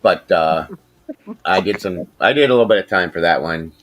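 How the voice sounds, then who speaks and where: A middle-aged man hosting a casual podcast, telling a rambling, profane story and getting animated when he quotes people. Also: deep voice, normal speed. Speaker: podcast host.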